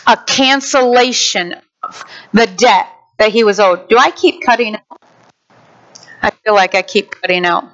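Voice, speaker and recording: A woman preacher delivering a sermon with animated storytelling, acting out the characters. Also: fairly high pitch. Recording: dull lo-fi sound.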